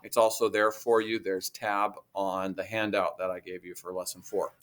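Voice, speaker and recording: A man's voice: low voice, little pitch movement, moderate pace, fairly bright tone. A man teaching a guitar lesson, patiently explaining finger positions step by step. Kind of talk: recorded music lesson.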